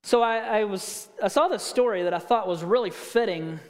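A male pastor delivers a sermon in a high, light voice, weaving stories together with rhetorical questions to the congregation. His voice rings out with the long reverb of a large hall. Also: normal speed.

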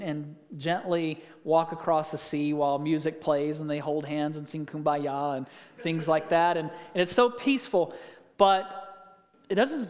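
A man preaching a sermon as a pastor, telling stories and asking the listeners rhetorical questions. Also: fairly high pitch. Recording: long reverb of a hall.

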